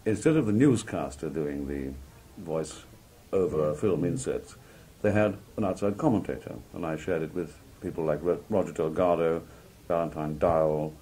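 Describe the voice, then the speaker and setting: A man from Liverpool, working as a television announcer, telling anecdotes in a relaxed interview and acting out the people he quotes. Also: very deep voice, moderate pace, few pauses. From Liverpool, England. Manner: lively raconteur, acts out quoted people in different voices. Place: outdoor country fair at a cricket ground.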